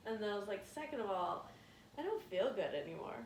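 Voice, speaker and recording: On a podcast she co-hosts, a woman chats casually and tells animated stories, laughing a lot and acting out quotes. Her mid-range voice is brisk, picked up by a roomy, slightly distant mic with a little hiss or hum.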